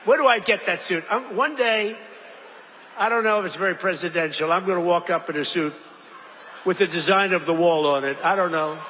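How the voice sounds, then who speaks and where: Male rally speaker, high-pitched and tense, loose and meandering delivery, booming hall reverb. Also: fairly quick, pushed and bright. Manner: rambling, digressive, repeats phrases; jokey asides to the audience. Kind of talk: off-the-cuff rally speech. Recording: long hall reverb, faint background noise.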